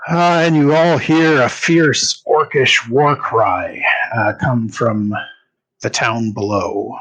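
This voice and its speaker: A man's voice: medium pitch, steady tone, slow, a bit bright, husky. A man running a tabletop game as game master, narrating with many filler sounds.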